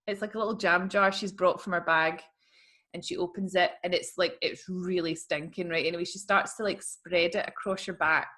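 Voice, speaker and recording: Another young female podcast co-host talks casually, wandering through anecdotes and leaning on "like" as a filler. She has a lowish, sharp-toned voice, speaking at normal speed with fairly even intonation.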